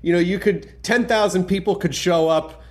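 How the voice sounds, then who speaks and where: High-voiced male podcast host, gushing, lots of "like"s. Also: moderate pace, darkish tone. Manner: enthusiastic, filler-heavy, lots of "like". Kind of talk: casual podcast chat.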